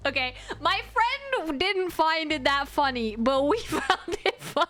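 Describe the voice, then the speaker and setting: A woman streaming to her chat and telling an animated travel story, often breaking into giggles and restarting sentences. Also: sits high, measured pace, few pauses, soft background music.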